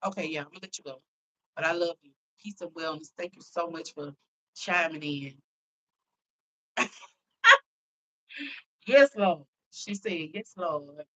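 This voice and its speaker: A woman with a low, deep-set voice talks into her phone on a live stream. She is chatty and heartfelt and calls her viewers y'all. She sounds like a young adult chatting casually with her audience. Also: fairly quick, bright, forceful tone, rough recording. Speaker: livestream host.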